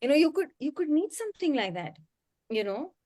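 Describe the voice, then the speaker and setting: Woman panelist, earnest and animated, bright higher pitch, dry sound. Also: fairly quick, no echo. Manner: earnest, animated, often says "you know". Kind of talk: conversational panel discussion.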